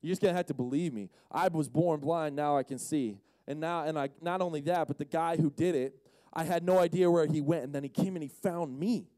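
A man giving a casual, storytelling sermon, animated and slangy, acting out the characters as he retells the story. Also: on the high side, fairly quick, no room sound. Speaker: speaker at a Friday night session.

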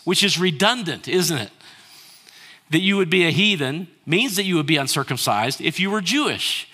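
A man's voice: fairly high pitch, animated, brisk. A male pastor preaching a sermon, asking rhetorical questions and getting the congregation to answer and repeat lines after him. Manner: rhetorical questions, shifts between hushed and raised delivery.

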